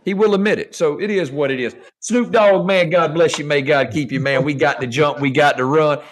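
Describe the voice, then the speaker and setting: A man's voice: a little high, brisk, a little hiss or hum. A man hosting a podcast in casual chat, emphatic and profane, repeating names as he talks. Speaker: podcast host.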